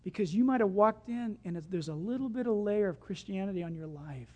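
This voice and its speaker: A preacher giving a sermon, telling stories with animation and swinging from loud to hushed. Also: mid-range voice, expressive, a little fast.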